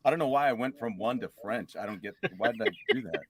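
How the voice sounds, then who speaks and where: A man hosting a casual live show, joking around and laughing loudly with his guests. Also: on the low side, quick pace, a little hiss or hum. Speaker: host.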